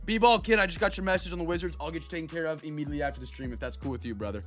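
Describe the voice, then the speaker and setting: A chatty young man hosts a live card-break stream and talks to viewers in an upbeat, friendly way. His voice sits a little high. Faint music plays behind him. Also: a bit bright. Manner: upbeat, chatty, greets viewers by name, drawn-out hype calls.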